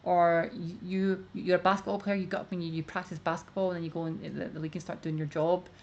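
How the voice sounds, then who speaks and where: A woman's voice: on the low side, level tone, fast, highs cut off, slight background noise. A woman streamer giving casual commentary, rambling with lots of "like" as she explains her view. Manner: rambling, many fillers of "like".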